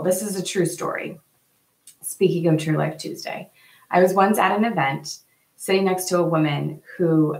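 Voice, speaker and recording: Woman host, low voice, chatty and earnest, echoey room. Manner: earnest, chatty, many fillers. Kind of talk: casual live talk to viewers.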